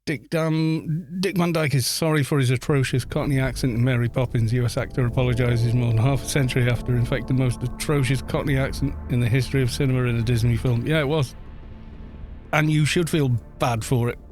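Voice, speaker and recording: A man's voice: mid-range voice, steady tone, fairly quick, a little mellow, faint music behind. A man hosting a gaming channel, chatting wryly and rambling through asides while he plays an online game. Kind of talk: casual commentary while playing an online game.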